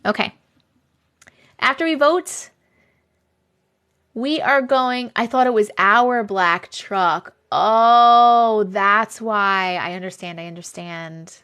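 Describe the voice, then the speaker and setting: A woman's voice: medium pitch, takes it slowly, long pauses, bright, forceful tone. A young woman hosting a live stream, chatting casually, laughing often and reacting to viewer comments. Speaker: live-stream host reading viewer stories.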